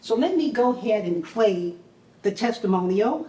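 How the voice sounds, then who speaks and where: A woman's voice: medium pitch, expressive, normal speed, dark tone. A woman hosting her own talk show, upbeat and thankful, with a touch of preacherly fervor. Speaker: host. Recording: echoey room, distant mic.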